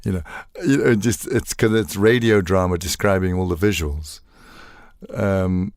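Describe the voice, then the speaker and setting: An older man speaks in a deep, low register. He tells stories animatedly in a casual interview, often acting out quoted lines. The recording is close and dry, with no room sound. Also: measured pace, darkish tone, no room sound. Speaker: voice actor guest.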